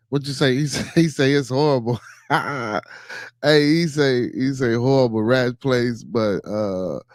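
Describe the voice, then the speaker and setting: A man's voice: medium pitch, takes it slowly, no echo. A man hosting a casual livestream podcast, greeting viewers and rambling loosely with repeated phrases. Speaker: podcast host.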